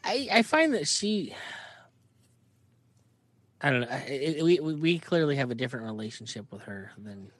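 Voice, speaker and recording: A man's voice: mid-range voice, sing-song, normal speed, pauses often, a bit bright. Blunt, logical man in casual chat.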